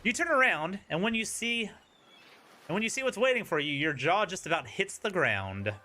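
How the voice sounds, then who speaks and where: A man's voice: high-pitched, expressive, moderate pace, pushed and bright, slight background noise. A man streaming a dating sim, reading its narration aloud with playful, wry asides.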